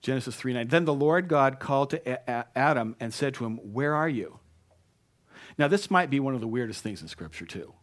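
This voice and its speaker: A man's voice: mid-range voice, lively intonation, a little fast. A man preaching a sermon in a conversational way, stumbling into restarts and rising into emphatic bursts. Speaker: pastor.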